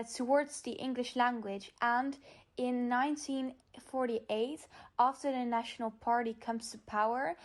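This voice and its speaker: A young woman reading a school presentation voice-over in a careful, halting way. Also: high-pitched. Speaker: student presenter.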